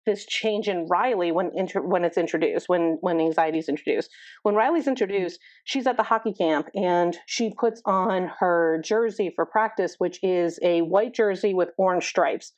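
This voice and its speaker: In dull, dry podcast audio with no room sound, a middle-aged woman therapist speaks as a guest in a fairly low, darkish voice. She explains thoughtfully in conversation, leaning heavily on "like" and "you know."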